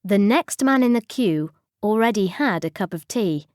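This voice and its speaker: A woman's voice: medium pitch, expressive, moderate pace, darkish tone, no echo, studio quality. A woman reading a storybook aloud expressively for English learners. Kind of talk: storybook narration.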